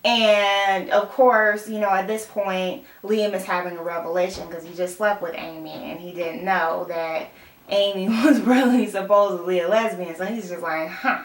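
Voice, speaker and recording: A woman's voice: medium pitch, steady tone, normal speed. A young woman in casual chat, rambling through a TV episode recap, full of "like" and "um". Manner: rambling, full of "like" and "um", mixes up names. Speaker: TV recap vlogger. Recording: roomy room, mic far off.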